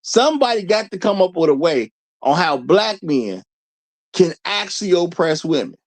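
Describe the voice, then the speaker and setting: Male live-stream host, casual and rhetorical, laughs a lot, animated intonation. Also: high voice, moderate pace. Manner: laughs often, repeats lines for emphasis; rhetorical, questions the audience. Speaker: show host.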